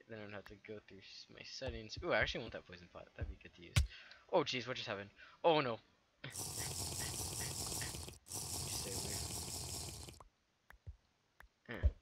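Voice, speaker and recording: A young man giving jokey live game commentary with loud outbursts, recorded at a home gaming setup. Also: lowish voice, vocal fry, slight background noise. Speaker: gaming YouTuber.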